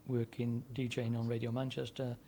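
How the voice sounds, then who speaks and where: This is a seventy-something man, a former DJ, spinning his life story for a podcast interviewer. His voice sits in a mellow, dark register at an ordinary pitch. He wanders through anecdotes with fillers and restarts. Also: monotone, moderate pace, a little hiss or hum. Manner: rambling anecdotal delivery with frequent fillers and restarts. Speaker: guest, former DJ and broadcaster. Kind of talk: conversational storytelling.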